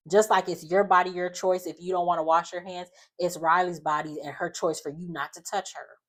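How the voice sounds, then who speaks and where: A woman casually recapping a reality show, telling it in an animated, sassy way with slangy asides. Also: on the low side, fairly quick.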